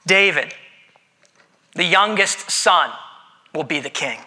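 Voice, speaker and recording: A man preaching a sermon in a conversational way, with dramatic pauses and playful voiced asides. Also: high-pitched, pushed and bright. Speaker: pastor.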